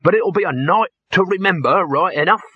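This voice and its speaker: A man's voice: sits high, brisk, pushed and bright, husky, no room sound, voice pushed up, full character voice. A man voicing a brash middle-aged male promoter with a pushy salesman manner, on a slightly dull recording. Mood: boastful.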